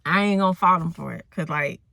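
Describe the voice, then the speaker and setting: A woman recapping a movie in a casual, rambling way, telling the story with animated asides and exclamations. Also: on the low side, brisk, creaky, no echo. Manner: animated storyteller who acts out the characters and exclaims at the plot.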